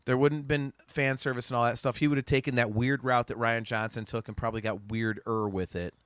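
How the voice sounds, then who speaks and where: Bright-voiced rambling male podcast host. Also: medium pitch, steady tone, brisk, smooth, dry recording, studio quality. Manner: rambling, with repeated restarts; swears freely. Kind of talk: casual chat.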